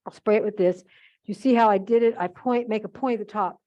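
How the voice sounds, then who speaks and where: A brisk, slightly mellow mid-range voice belongs to an older woman who rambles through chatty stories and asides as she demonstrates holiday decorating. Her intonation is fairly even. The muffled archive recording comes from a museum event room.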